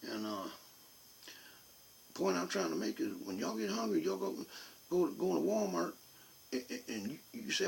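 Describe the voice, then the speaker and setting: A man's voice: high voice, big pitch swings, moderate pace, creaky, pauses often, a little hiss or hum, poor audio. A man telling a comic story in a rambling, folksy, repetitive way. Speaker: vlogger.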